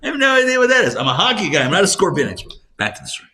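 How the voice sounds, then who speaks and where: A man teaching a live class as a rabbi, joking and quizzing his students with animated energy. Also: sits high, racing, a little hiss or hum. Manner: playful, jokey, animated, asks the class questions. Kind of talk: lively live class lecture.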